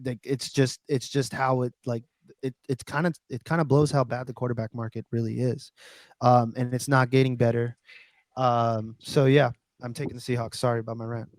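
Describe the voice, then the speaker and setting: A man's voice: medium pitch, flat delivery, moderate pace, no echo. A man co-hosting a sports podcast, ranting in casual chat, swearing and stumbling over restarts. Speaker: podcast co-host.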